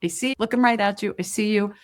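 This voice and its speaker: A middle-aged woman hosting a podcast, talking straight to the listener in a gentle, coaching way. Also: medium pitch, fast talker. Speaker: podcast host. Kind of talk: reflective podcast monologue.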